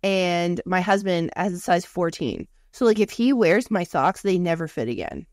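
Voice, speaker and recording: A woman's voice: lowish voice, expressive, moderate pace, darkish tone, dry recording, studio quality. A woman in her thirties co-hosting a podcast in casual chat, talkative, swearing freely and filling with "like". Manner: chatty, swears freely, lots of "like". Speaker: podcast co-host. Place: lives in Canada.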